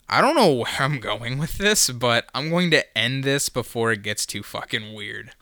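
A man's voice: medium pitch, lively intonation, measured pace, bright, forceful tone, smooth, no room sound, studio quality. A young man hosting a solo podcast, telling a rambling, profane, self-mocking story in casual chat.

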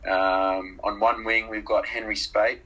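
A young man from Zimbabwe, a rugby player, chatting casually as an interview guest on a call, relaxed and hesitant with many ums. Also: lowish voice, measured pace, poor audio.

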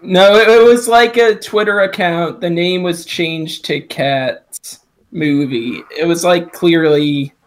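A speaker in a casual group chat, halting and restarting often while telling a story. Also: mid-range voice.

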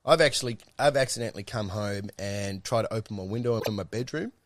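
A man's voice: fairly low pitch, fast talker, dry recording. A young Australian man telling a rambling, swear-filled story in a casual chat.

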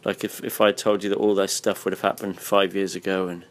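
A man's voice: deep voice, level tone, fairly quick. Tired, swearing man host. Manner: blunt, swears freely, laughs often. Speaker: podcast host. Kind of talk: casual interview chat. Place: hotel room.

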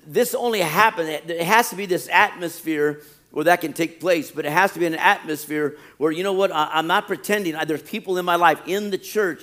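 A male pastor preaching a sermon, animated, often acting out quoted churchgoers. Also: fairly high pitch.

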